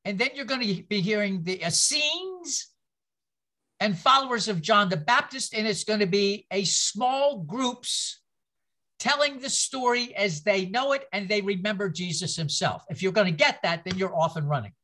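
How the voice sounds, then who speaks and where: Church history teacher, bright tone, middle pitch, rambling informal lecture, frequent restarts. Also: expressive, moderate pace. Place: church classroom.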